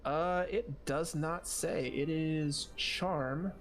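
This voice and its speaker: A man running a tabletop game as game master, speaking haltingly with many fillers and restarts. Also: on the high side, slight background noise.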